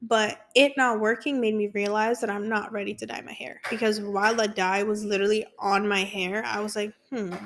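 A woman's voice: medium pitch, level tone, a little fast, few pauses, fairly bright tone. A young woman hosting her own podcast, chatting candidly and casually, with frequent swearing. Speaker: podcast host. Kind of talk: casual solo podcast chat.

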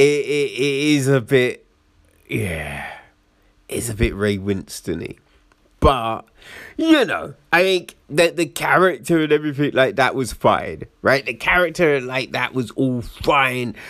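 A man's voice: medium pitch, a bit bright, dry recording, studio quality. A man giving a casual film review in a chatty way, laughing often and asking "right?" after his points.

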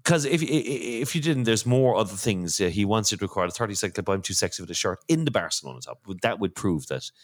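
A man hosting a casual podcast chat, lively and quick to laugh. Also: lowish voice. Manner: lively, laughing, talks over others. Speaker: podcast host.

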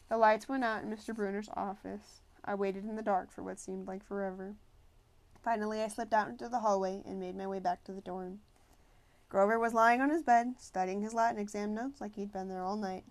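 Female audiobook narrator, mid pitch, measured storytelling. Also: fairly even intonation. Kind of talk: first-person novel narration.

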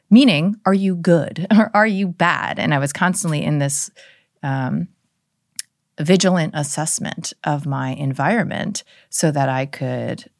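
A woman's voice: sits low, gravelly, no echo, clean studio sound. A woman guest on a podcast interview, talking in a loose, reflective way, full of "like" and "right?", with casual swearing. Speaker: podcast guest, psychiatrist and author.

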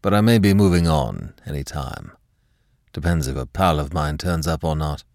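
A stiffly formal gentleman, clipped and polite, holding his feelings back behind careful courtesy, as a man reading the story plays him. The voice sits low and close, with a dry, unroomy sound. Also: expressive, moderate pace, no room sound.

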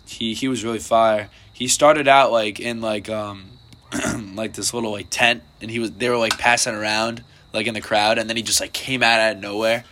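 A man's voice: on the low side, level tone, normal speed, sharp tone, a little hiss or hum. A young man, chatting casually on a podcast and rambling with lots of filler words and swearing. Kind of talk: casual chat.

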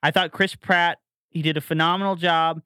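A young man co-hosting a casual movie-review podcast, excitable and jokey. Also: fairly high pitch, normal speed, smooth, no room sound, studio quality. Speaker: podcast co-host.

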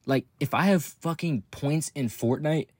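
A man's voice: a little high, measured pace, slightly rough, dry recording, studio quality. A young man from Texas, hosting a podcast, ranting casually with lots of swearing, rambling restarts and frequent laughs. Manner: profane, rambling, laughs often, swings up into excited outbursts. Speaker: podcast host.

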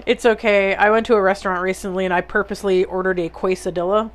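A woman's voice: mid-range voice, fairly even intonation, quick pace. A woman co-hosting a podcast, chatting playfully, laughing a lot and swearing casually. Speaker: podcast co-host.

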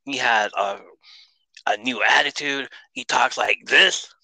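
A man tells a rambling, excitable story as a podcast guest, swearing freely and restarting his sentences. His voice is very bright and sharp. The recording is close and dry. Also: mid-range voice, slow pace, vocal fry, dry recording, poor audio. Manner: excitable, profane, with frequent restarts. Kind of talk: casual storytelling.

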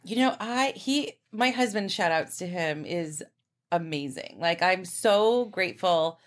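Chatty, effusive woman, lowish voice. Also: a little slow. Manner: chatty and effusive, many fillers. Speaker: podcast guest. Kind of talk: casual chat.

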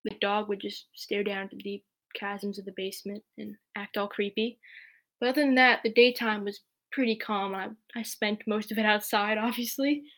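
A woman's voice: mid-range voice, fairly even intonation, moderate pace, a bit bright. A woman telling a personal story in a casual, chatty way, with many fillers. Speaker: podcast guest.

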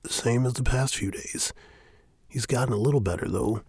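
A man voicing a worried young male priest who calls out urgently and then explains patiently, with a gravelly voice. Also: mid-range voice, normal speed, a little mellow, dry recording, pitched above the performer's own voice, natural voice. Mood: explaining. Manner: urgent, raised and strained.

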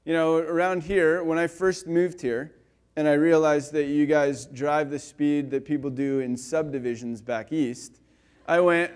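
A male pastor giving a conversational sermon, telling stories with lively swings between loud and quiet and filling his talk with "like" and "you know.". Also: a little high, measured pace, clean tone. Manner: animated storyteller, swinging between loud and soft; casual, with frequent "like" and "you know".

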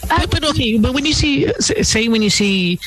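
A Filipino man hosting a podcast in casual chat, animated and often mimicking other voices as he talks. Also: very high voice, moderate pace, slight background noise, rough recording. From Philippines. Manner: animated, mimics voices while telling stories. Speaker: podcast host.

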